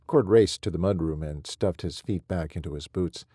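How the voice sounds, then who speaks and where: A man reads an audiobook in a measured, steady way. His voice is low, dark and a little husky, and the close-miked recording is dry and intimate. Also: no room sound. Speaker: audiobook narrator. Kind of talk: scripted audiobook narration.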